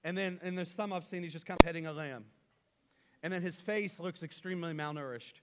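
A man delivers a sermon with a somewhat high voice. He rallies the congregation loudly, then drops into quiet, earnest passages. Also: a little fast, heavy background noise. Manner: animated, swings from loud rallying to quiet. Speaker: pastor.

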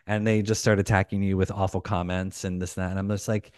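Man, podcast guest, animated, restarts sentences, deep-ish voice. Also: fast talker, clear, resonant tone, no room sound, studio quality. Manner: animated, rambling with many restarts. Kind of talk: casual chat.

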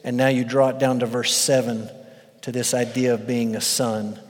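A man preaching an expository sermon as pastor, animated and building to shouts for emphasis. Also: medium pitch, normal speed. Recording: long reverb of a large hall.

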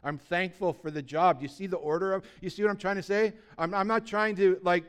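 A man delivers a sermon with blunt urgency and a string of rhetorical questions aimed at his listeners. His voice sits a little high and comes across smooth and resonant. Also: steady tone, moderate pace, hardly any pauses. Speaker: pastor.

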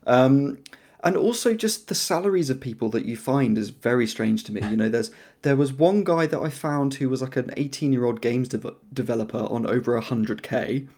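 Man, from England, casual co-host, wry, chatty, gravelly, mid pitch. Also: normal speed, a little mellow. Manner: chatty, wry, laughs often. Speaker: podcast co-host. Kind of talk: casual chat.

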